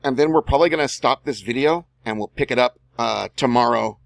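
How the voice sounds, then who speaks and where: A man's voice: medium pitch, a little fast, gravelly, dry recording. A man reading copy aloud as he edits a screen-recorded tutorial, muttering and adding slangy asides to himself. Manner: self-talking, drawling slangy asides. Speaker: online marketer and video host.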